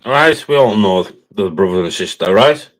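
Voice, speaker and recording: A man's voice: fairly low pitch, lively intonation, normal speed, rough recording. A man with a Cumbrian accent hosting a livestream, ranting confrontationally and ending phrases with a challenging "right?". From northern England. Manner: confrontational, repeats "right?" constantly. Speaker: livestream host. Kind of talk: heated livestream rant.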